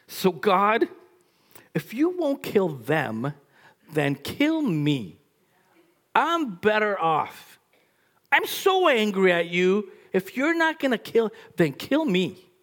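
A preacher acting out the prophet Jonah as a man shouting his furious complaints at God in a high, strained voice during a sermon. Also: big pitch swings, slow pace. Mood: bitter. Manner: shrill, shouting, raging complaint.

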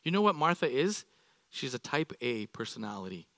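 A middle-aged man preaching a sermon to a congregation, animated and playful, acting out everyday examples. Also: medium pitch, normal speed, no echo. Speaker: pastor. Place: church sanctuary.

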